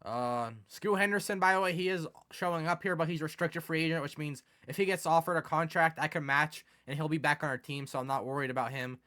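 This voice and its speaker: A young man giving casual commentary over a sports video game, excitable and quick to turn exasperated. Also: fairly high pitch. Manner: excitable, swings from mumbling to exasperated yelling. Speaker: gaming commentator.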